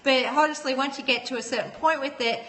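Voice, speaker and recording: A woman's voice: high-pitched, quick pace, fairly bright tone, big-room sound. A woman hosting a casual livestream, chatting with viewers, greeting them by name and laughing often. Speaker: livestream host. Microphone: phone.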